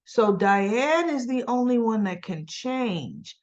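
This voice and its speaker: A woman with a fairly high voice talks slowly and chattily, recapping a soap episode and acting out the characters' lines as she goes. The sound is a bit muffled, like a lo-fi home recording. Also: lively intonation, a little mellow. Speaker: soap opera recap vlogger.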